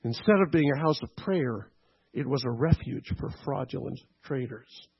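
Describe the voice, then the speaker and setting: A man's voice: medium pitch, moderate pace, creaky, slightly rough, dull audio. A man preaching a teaching sermon, checking in with "okay?" and "right?" as he explains. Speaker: pastor.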